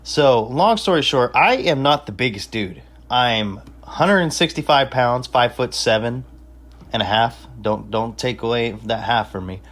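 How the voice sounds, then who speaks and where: A man's voice: medium pitch, expressive, unhurried, a bit bright. A young man telling a party story in casual chat, swearing freely and bragging, with street slang. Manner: profane, boastful, street slang. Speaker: podcast host telling a story.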